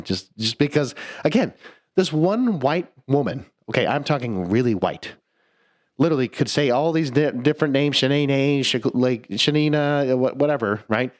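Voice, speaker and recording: A man's voice: mid-range voice, lively intonation, moderate pace. A young man co-hosting a podcast, telling a story in casual chat, swearing freely, laughing mid-sentence and restarting his words. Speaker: podcast co-host.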